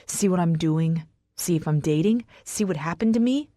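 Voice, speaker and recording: A woman voicing a brooding, intense estranged husband who growls his lines in a low, rough, pressing way. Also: moderate pace, warm tone, no echo, studio quality, natural voice. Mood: angry. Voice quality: raspy, growling.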